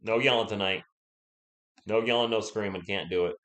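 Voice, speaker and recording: A young man, sick-sounding with a sore throat, hosts a live stream's play-by-play at normal speed. His voice is fairly low and the room echoes. He speaks quietly, avoids yelling, and chats with and answers his viewers.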